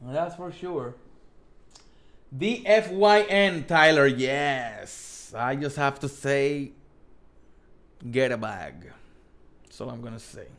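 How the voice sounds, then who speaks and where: A man's voice: medium pitch, slow pace, pauses often, fairly bright tone. Man with a thick Spanish accent. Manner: rambling, self-correcting, reads chat questions aloud. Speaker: host. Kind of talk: casual live-stream chat.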